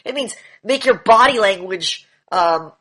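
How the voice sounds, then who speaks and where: Blunt bright-voiced male coach lecturing. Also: high-pitched, expressive, measured pace. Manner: blunt, lecturing, repeats key phrases, swears now and then. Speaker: demand training coach. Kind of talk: online coaching session lecture.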